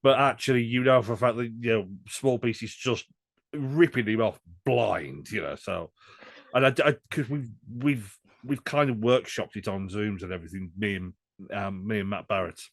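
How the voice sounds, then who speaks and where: A man in casual conversation, animated and jokey, talking about his voice acting work. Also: on the low side, moderate pace, no echo, studio quality. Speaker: voice actor guest. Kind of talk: casual chat.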